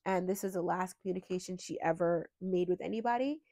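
A woman's voice: lowish voice, brisk, mellow. A woman hosting a true crime channel, talking earnestly and with emotion, at times holding back tears and rambling with fillers.

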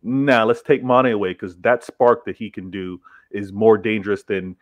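A man's voice: fairly low pitch, steady tone, moderate pace, dry recording. A man with an accent, arguing football points in a casual panel chat with emphatic repeats. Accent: non-English accent.

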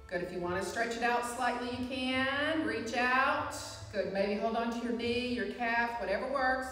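A woman instructor guiding a live chair yoga class, with calm, encouraging cues and frequent reminders to breathe. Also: a little high, moderate pace, far from the mic, faint music behind. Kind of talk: live guided fitness class. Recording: echoey hall, voice from afar.

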